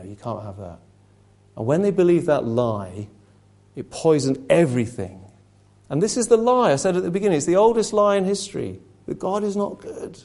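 Animated preacher with a gravelly voice. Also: male voice, fairly high pitch. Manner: impassioned, rhetorical, mocking sneers in put-on asides. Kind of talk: sermon.

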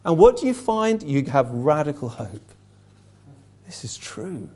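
A man's voice: fairly high pitch, sing-song, a little slow, mellow, slightly rough. A man preaching a sermon, earnest and emphatic, reading questions aloud to his congregation.

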